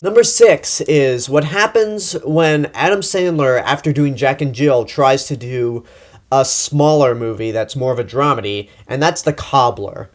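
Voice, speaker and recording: A young man from Texas giving a blunt, exasperated movie review monologue and swearing freely. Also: mid-range voice. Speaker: film critic.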